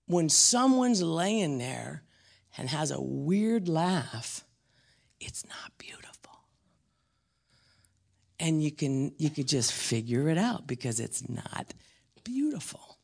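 Gravelly preacher man. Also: on the high side, big pitch swings. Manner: slows down and drops to a whisper on key words; blunt and emphatic. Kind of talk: teaching sermon.

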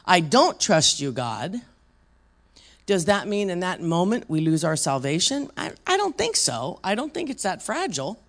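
A woman preaching a sermon with a gravelly, fry-edged voice. She talks to the room conversationally, tosses out questions and slips into quoted voices as she tells it. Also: on the low side, sing-song, moderate pace, few pauses.

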